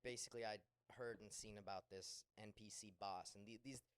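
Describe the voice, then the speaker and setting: A man as a podcast guest, talking about games in a relaxed, laid-back way. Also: lowish voice, a little fast, clear, resonant tone. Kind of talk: casual podcast chat.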